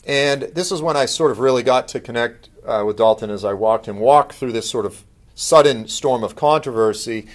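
A man's voice: mid-range voice, moderate pace. Chatty middle-aged man telling stories. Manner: conversational, animated impressions of others, many fillers. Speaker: speaker giving a ministry update. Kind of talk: casual storytelling talk.

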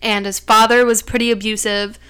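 Young woman podcaster, kinda high voice, super smooth and clear, chatty with lots of fillers. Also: little pitch movement, brisk, sharp tone. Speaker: podcast co-host. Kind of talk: casual true-crime chat.

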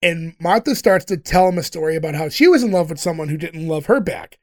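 A man with a notably high speaking voice walks through an episode scene by scene. He is chatty and breaks into laughter often. The talk is casual and unscripted. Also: lively intonation, fairly quick. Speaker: podcast host recapping a TV episode. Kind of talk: casual chat.

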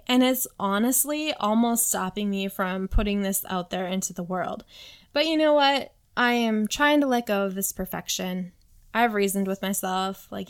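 A woman's voice: mid-range voice, normal speed. A woman in her thirties hosting her own podcast, talking candidly and self-deprecatingly on a desktop microphone, full of "like" and "you know what". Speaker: podcast host. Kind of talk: solo podcast monologue. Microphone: desktop USB mic.

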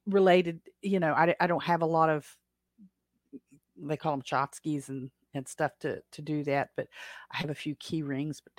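A woman's voice: sits low, no echo, studio quality. A woman hosting a casual livestream chat, rambling along with frequent self-corrections and small laughs. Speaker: podcast host.

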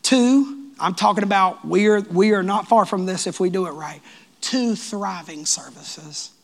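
A man preaching a sermon as pastor of his church, lively and joking with the congregation. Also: sits high, unhurried, gravelly. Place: church sanctuary.

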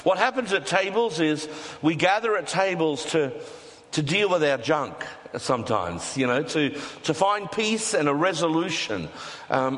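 A man preaching a sermon, relaxed and conversational, tossing playful asides to the congregation. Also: on the high side. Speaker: pastor. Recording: reverberant hall.

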